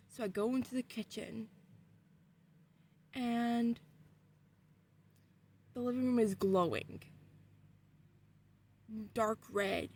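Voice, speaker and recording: Excitable swearing woman telling a story. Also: fairly high pitch, creaky, slight background noise. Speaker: vlogger. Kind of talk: casual storytelling.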